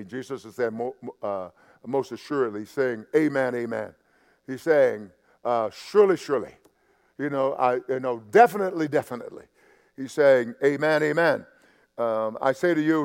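In a church sanctuary with long, echoing reverb, a male pastor delivers a sermon to both his congregation and an online audience. His mid-range voice shifts from forceful, loud points to hushed asides, and his talk is conversational, with stammers and repetition.

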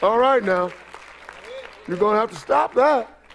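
An older male pastor delivers a sermon in a notably high voice with a gravelly edge. He halts and repeats words as he works through the text, then swells into emphatic exhortation to the congregation. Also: a little slow, fairly bright tone, some chatter behind, a little hiss or hum. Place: church service.

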